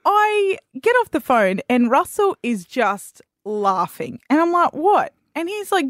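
Lively high-voiced woman. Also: moderate pace, hardly any pauses, no echo, studio quality. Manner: chatty, animated storytelling. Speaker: radio co-host. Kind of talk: casual chat.

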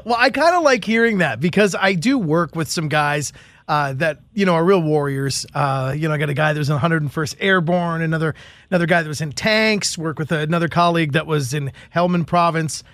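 A man hosting an interview, joking in a relaxed, self-deprecating way. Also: on the high side, fairly quick, dry recording. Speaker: podcast host. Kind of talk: casual interview chat.

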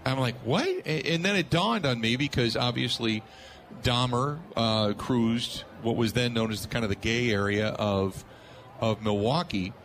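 A man's voice: mid-range voice, measured pace, slight background noise. A male sports talk radio host telling an anecdote, laughing and acting out what people said. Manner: animated, laughing storyteller acting out quotes.

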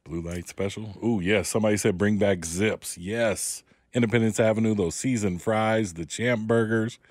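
A man's voice: on the low side, moderate pace, dry recording, studio quality. A man co-hosting a radio show, playful and reminiscing fondly about old places to eat. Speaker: radio co-host. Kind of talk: casual radio banter.

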